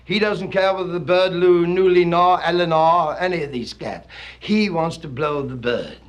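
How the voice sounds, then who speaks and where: A male comedian giving a theatrical comic recitation in hipster slang, swinging between booming shouts and low murmurs. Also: normal speed.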